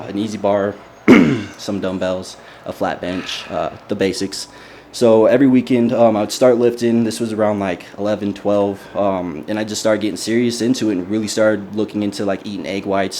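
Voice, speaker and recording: A man's voice: on the low side, fairly even intonation, normal speed, darkish tone, slight background noise. A young man, a bodybuilder, telling his personal story in a casual, earnest way with many fillers. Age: young adult. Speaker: bodybuilder interviewee.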